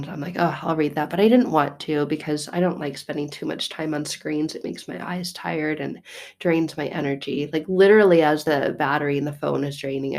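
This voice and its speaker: A woman in her thirties telling a personal faith story as a mother, casual and animated, with laughing, mock-exasperated asides. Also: low-pitched. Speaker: mother sharing a faith reflection. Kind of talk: casual spoken reflection.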